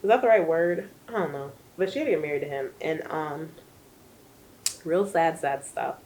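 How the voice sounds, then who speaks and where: A woman's voice: low-pitched, normal speed, darkish tone, a little hiss or hum, rough recording. A young woman rambling through a casual book recap, full of fillers and asides. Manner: rambling, chatty, many fillers. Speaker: book vlogger.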